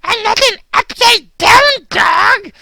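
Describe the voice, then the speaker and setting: A woman voicing an excitable, anxious cartoon guard dog who stammers and repeats words in a panic. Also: very high voice, takes it slowly, vocal fry, slight background noise, heavily acted. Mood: alarmed. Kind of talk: children's cartoon voice acting.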